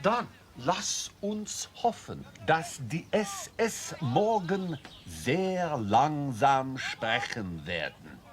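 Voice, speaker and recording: Slow careful camp commandant, high bright voice. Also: male voice, sing-song, exaggerated voice. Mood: tense. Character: anxious male camp commandant.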